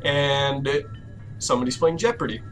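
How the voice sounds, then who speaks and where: A young man commentating a horror game let's play, swearing a lot and reacting loudly with jumpy outbursts. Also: medium pitch, normal speed, soft background music. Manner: loud, profane, jumpy reactions. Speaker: gaming YouTuber.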